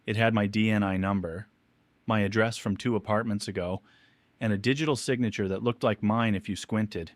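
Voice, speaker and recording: Low, somber male narrator, dry sound. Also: fairly even intonation, no room sound. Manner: measured, somber confessional telling. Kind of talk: first-person story narration.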